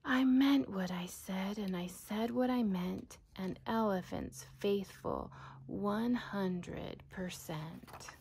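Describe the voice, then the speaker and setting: A woman's voice: medium pitch, slow, vocal fry. Horton, a woman whispering as a faithful elephant. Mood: solemn vow. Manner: hushed, earnest whisper. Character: faithful, gentle male elephant.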